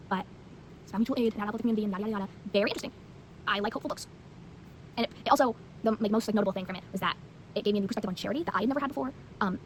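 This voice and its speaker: A woman's voice: medium pitch, a little hiss or hum, low-quality recording. A teenage girl chatting casually about books she has read, rambling with lots of fillers and blunt opinions. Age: teens. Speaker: vlogger. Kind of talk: casual book review chat.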